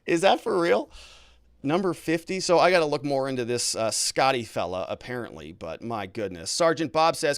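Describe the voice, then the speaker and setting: A man's voice: mid-range voice, expressive, brisk, no echo, studio quality. A man, a lawyer, hosting a casual livestream, talking through legal news and reading viewer comments in a conversational, hedging way.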